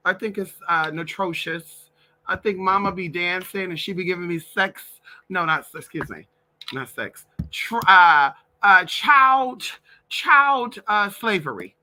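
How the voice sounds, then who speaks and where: Sassy, lively man chatting on a live stream. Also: sits high, unhurried. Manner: sassy, outspoken, swears freely; talks to his dogs between comments. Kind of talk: casual live-stream chat.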